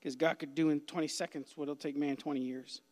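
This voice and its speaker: A man preaching a youth sermon as a pastor, impassioned, swinging between hushed whispers and loud cries. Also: on the high side, steady tone, fairly quick. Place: church sanctuary. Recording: long hall reverb.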